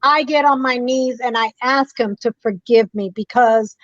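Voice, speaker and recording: Woman caller on a dull, dry line, high-pitched, hammering her points home like a sermon. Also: moderate pace, no echo. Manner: preachy, emphatic, repeats phrases for effect. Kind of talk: impassioned call-in talk.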